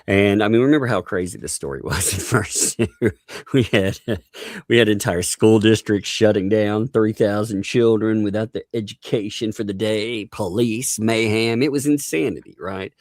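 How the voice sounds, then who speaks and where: Low-voiced man laughing through rambling chat. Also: moderate pace, dry recording, studio quality. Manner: laughs often, rambling with restarts. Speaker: host. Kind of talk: casual livestream chat.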